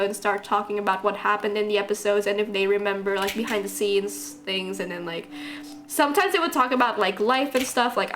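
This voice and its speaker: A woman's voice: fairly high pitch, fairly bright tone. A young woman streaming live, chatting casually and rambling while she draws, answering chat and laughing often. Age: young adult.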